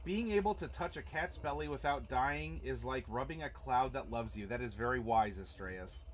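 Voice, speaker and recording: At a moderate pace and medium pitch, a young man hosts a live stream as its game master, rambling casually with plenty of fillers and restarts. There's a slight hiss or hum in the audio.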